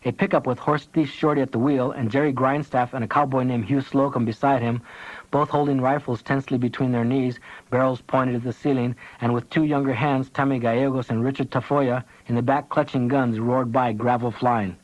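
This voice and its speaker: A man reading an audiobook, telling the story with lively, dramatic energy. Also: mid-range voice, brisk. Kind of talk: audiobook narration. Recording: dull lo-fi tape audio.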